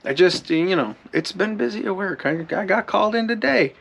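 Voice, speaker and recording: A man's voice: high-pitched, animated, normal speed, gravelly, fairly bright tone, husky. A man hosting a do-it-yourself video, talking casually and rambling with lots of fillers and restarts, a bit out of breath. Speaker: DIY channel host. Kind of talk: casual how-to talk to camera.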